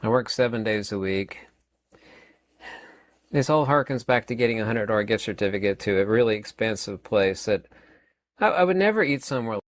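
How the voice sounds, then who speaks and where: A man's voice: lowish voice, expressive, moderate pace, pauses often. A man in his fifties giving a rambling, emphatic opinion monologue as a channel host, often repeating words and using fillers. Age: 50s.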